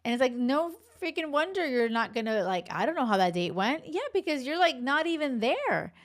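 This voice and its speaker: A woman's voice: sits high, big pitch swings, fairly quick. A woman in her forties hosting a dating podcast as a coach, talking bluntly in a casual monologue, swearing freely and laughing between asides.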